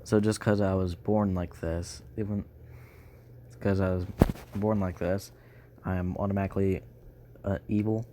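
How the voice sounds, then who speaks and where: A man's voice: low voice, little pitch movement, very noisy, lightly acted. A man voicing a laid-back young male slime hero who is cheeky and defiant, talking casually with lots of fillers. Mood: sarcastic. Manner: casual, halting, full of fillers.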